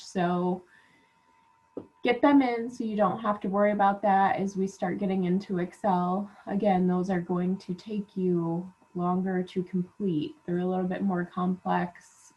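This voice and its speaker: A woman's voice: lowish voice, gravelly. Instructor woman giving class reminders. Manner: relaxed, filler-heavy reminders. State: unwell. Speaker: college instructor. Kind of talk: recorded class announcements. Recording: dull lo-fi class recording.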